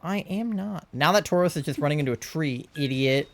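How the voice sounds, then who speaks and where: A woman's voice: sits low, expressive, brisk, slight background noise. A woman streaming a game from home and chatting casually with a playful, teasing manner. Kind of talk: casual gaming stream chat.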